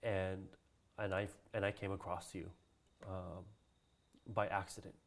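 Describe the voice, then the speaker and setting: In a casual interview, a guest from Hawaii who works as a cultural practitioner tells a story in an unhurried, low, level voice. He laughs frequently and acts out the voices of the people he quotes.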